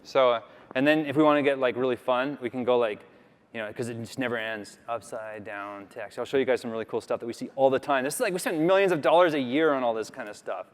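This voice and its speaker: A man from Canada, medium-pitched and fast, gives a conference talk in a large hall, where a long reverb trails his words. It's a casual, chatty presentation with a live demo, rambling and stuffed with fillers.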